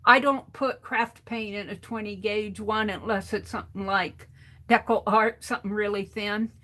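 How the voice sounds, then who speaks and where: Hosting a craft livestream, a woman rambles through how to clean a paint bottle, restarting her sentences while her hands stay busy. Her voice sits a little high, with a bright, forceful tone.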